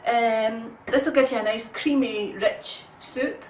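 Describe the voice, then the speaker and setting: A woman's voice: a little high, steady tone, slow, a little hiss or hum. A woman talks through a recipe in her home kitchen, casual and homely, with plenty of ums. The sound is roomy and comes from a distant mic, with faint ambience behind her. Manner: chatty, homely, many ums. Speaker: home cook. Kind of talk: casual cooking demonstration.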